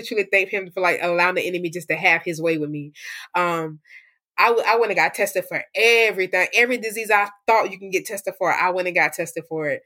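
A young woman tells her faith story as an interview guest, speaking candidly and with feeling. Her voice sits a little low for a woman, and she talks in a loose, conversational way. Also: pushed and bright. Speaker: guest sharing testimony. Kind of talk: personal testimony interview.

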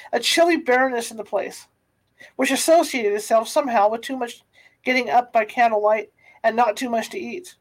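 A woman reading a classic novel aloud, unhurried, with small stumbles and restarts. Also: a little high, poor audio. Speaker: reader.

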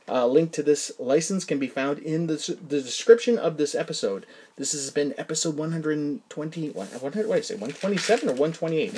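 A man, the podcast host, reading his own first-person story in a plain, even manner. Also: fairly high pitch, husky. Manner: plain, even storytelling, casual asides in the outro.

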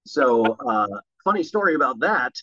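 Casting note: bright, lively male voice actor, dry and slightly muffled mic. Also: mid-range voice, normal speed, dry recording. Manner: animated storyteller who slips into voices. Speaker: voice actor guest. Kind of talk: casual podcast chat.

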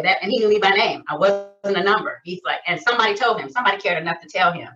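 A middle-aged woman from Detroit, a chiropractor, telling lively stories in a casual interview. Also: on the low side, very fast, few pauses. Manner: animated storyteller, acts out quoted voices. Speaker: guest, chiropractor. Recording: distant lo-fi sound.

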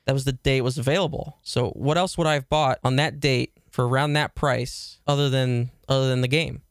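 A man's voice: medium pitch, fairly even intonation, a little fast, no echo, clean studio sound. A man co-hosting a podcast, telling a long story in casual chat with lots of fillers, restarts and swearing. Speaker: podcast co-host.

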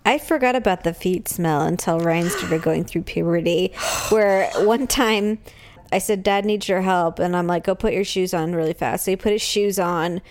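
A woman's voice: lowish voice, moderate pace, a little mellow, slight background noise. A woman in her forties chatting casually with her sister on a podcast, talking in an easygoing, hesitant way about her kids. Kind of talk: casual chat with a sibling.

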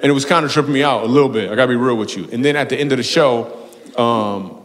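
A man's voice: mid-range voice, quick pace. A man doing stand-up crowd work, telling stories and teasing audience members with bursts of laughter. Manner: loose, teasing, storytelling with bursts of excited laughter. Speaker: stand-up comedian taking audience questions. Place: large hall before a live audience. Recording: live hall with long reverb.

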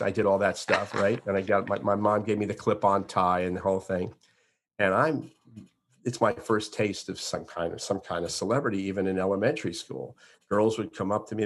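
A man in his sixties from Florida, an entertainer telling stories as an interview guest, animated, with frequent restarts. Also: sits low, fairly quick, husky. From Florida, USA. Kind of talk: interview conversation.

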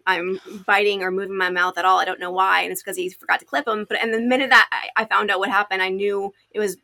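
Gravelly bright-voiced woman guest. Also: mid-range voice. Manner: chatty, many restarts and fillers. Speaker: interview guest. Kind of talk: conversational storytelling.

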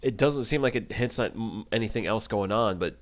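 A man with a fairly low voice co-hosts a casual podcast. He chats loosely, laughs easily and often restarts his sentences mid-thought. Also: fairly quick. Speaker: podcast co-host. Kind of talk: casual chat.

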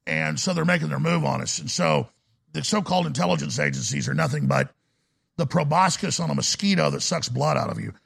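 A man's voice: a little high, brisk, creaky, a bit bright, husky. A male talk radio host ranting through a call-in show, often stumbling and restarting words.

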